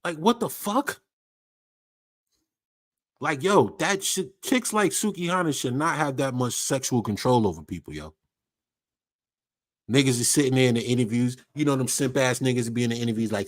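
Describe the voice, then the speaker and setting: A man's voice: medium pitch, moderate pace, long pauses. A man hosting a livestream, ranting in casual slang with lots of swearing and repetition. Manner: profane, animated, repetitive slang-heavy ranting. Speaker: livestream host.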